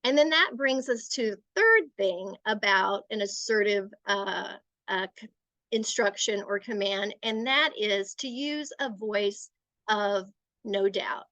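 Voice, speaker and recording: A middle-aged woman giving a gentle, explanatory talk to parents, sometimes acting out the phrases she uses as examples. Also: mid-range voice, takes it slowly, no echo, low-quality recording. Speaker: parenting educator.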